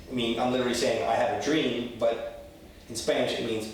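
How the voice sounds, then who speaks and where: A man's voice: medium pitch, steady tone, brisk, recorded from a distance, slight background noise. Blunt, swearing man teaching in an echoey room. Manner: blunt and profane, repeats "okay?" often. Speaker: Spanish teacher. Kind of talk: casual language lesson. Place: room in Lima, Peru.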